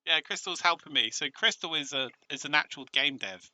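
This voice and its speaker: Excitable and emotional, a man with a British accent chats casually on a live stream in a brisk, somewhat high voice. He frequently starts sentences over, and there's no echo in the recording.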